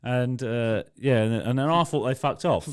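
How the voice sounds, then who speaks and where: A man's voice: mid-range voice, normal speed. A man, a podcast co-host and doorman, telling a blunt, rambling, sweary story in casual chat. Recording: raw, unedited podcast.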